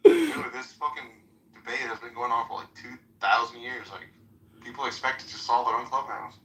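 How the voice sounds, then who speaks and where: A man's voice: medium pitch, sing-song, brisk, a bit bright, recorded from a distance, slight background noise, low-quality recording. Easygoing man tossing in joking asides. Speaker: chat room participant. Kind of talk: casual banter.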